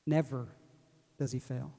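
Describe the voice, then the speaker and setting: A man's voice: medium pitch, steady tone, unhurried, vocal fry, mellow. A man, preaching a sermon in a joking, self-deprecating way and laughing often. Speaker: pastor. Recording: long hall reverb.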